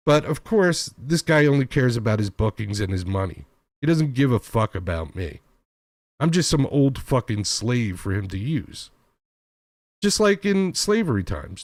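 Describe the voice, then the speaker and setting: Animated man ranting through a story. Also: mid-range voice, moderate pace, no echo, studio quality. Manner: animated, acts out other people's voices; swears often and sounds aggrieved. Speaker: host. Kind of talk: storytelling rant.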